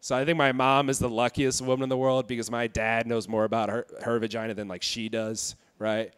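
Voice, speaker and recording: Smooth-voiced young man doing dark stand-up. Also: medium pitch. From Indiana. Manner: deadpan dark jokes, halting with fillers. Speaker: stand-up comedian. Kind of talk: stand-up set. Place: comedy club stage.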